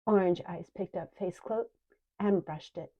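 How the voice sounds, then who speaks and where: An older woman, an author narrating her own book in calm, even storytelling. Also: fairly low pitch, a little slow. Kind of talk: audiobook narration. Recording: dull lo-fi recording.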